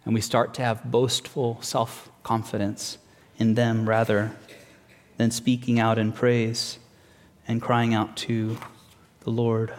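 A man preaching a sermon in an earnest, measured way, slowing down to stress key words. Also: medium pitch, completely flat delivery. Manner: earnest, measured, slows for emphasis. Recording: long hall reverb.

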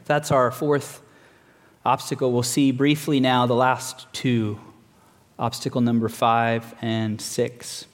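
A man preaching a sermon in an earnest, measured way, slowing down to stress key words. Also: mid-range voice, flat delivery. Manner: earnest, measured, slows for emphasis. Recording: long hall reverb.

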